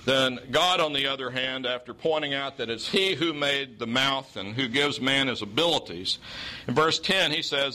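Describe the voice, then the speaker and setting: Man, Southern accent, preacher, storytelling sermon, dry humor, bright forceful tone. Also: mid-range voice, moderate pace, low-quality recording. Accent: Southern US (Oklahoma). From Oklahoma.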